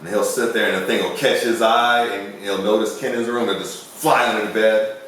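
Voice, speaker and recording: A man with a lowish, slightly bright voice talks briskly and steadily in a casual chat, rambling through stories and acting out quotes. He sounds far from the mic in an echoey room, with faint hiss.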